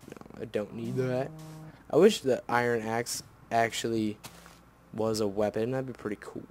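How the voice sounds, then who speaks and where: A man's voice: medium pitch, steady tone, normal speed, a little mellow, a little hiss or hum. A man giving casual gameplay commentary, grumbling and swearing whenever things go wrong. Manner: grumbling, easily annoyed, swears. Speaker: let's play host.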